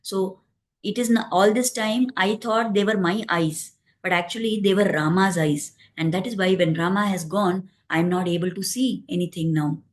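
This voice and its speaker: A man's voice: high voice, moderate pace, natural voice. A woman voicing a grieving old king. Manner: sorrowful, pleading. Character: grieving aged male king, failing sight.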